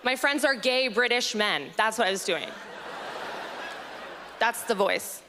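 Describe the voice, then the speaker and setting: A woman performing a stand-up comedy set on a festival stage, dry and quick-witted, on a handheld mic. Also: fairly high pitch, lively intonation, pushed and bright, a little hiss or hum.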